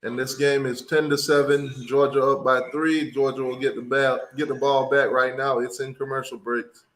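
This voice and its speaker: A man hosting a watch party, giving casual play-by-play commentary and getting loud and excited on big plays. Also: mid-range voice, normal speed, roomy sound, poor audio.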